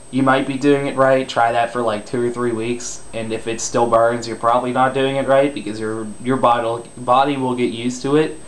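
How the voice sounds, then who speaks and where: A man's voice: mid-range voice, a bit bright, a little hiss or hum. A man giving a casual spoken tutorial on screaming, loose and rambling, self-deprecating and crude.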